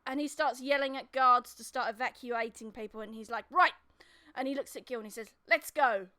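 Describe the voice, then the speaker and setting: High-voiced woman running a tabletop game. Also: steady tone, fairly quick, bright, forceful tone. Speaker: dungeon master.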